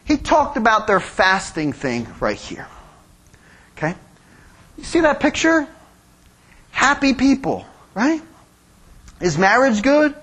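A man preaching a sermon as pastor, animated, acting out quoted voices and making joking asides. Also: very high-pitched, takes it slowly, long pauses, breathy edge.

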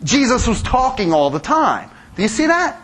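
Male pastor, sermon, high voice, lively pitch, acts out voices, joking asides. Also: moderate pace.

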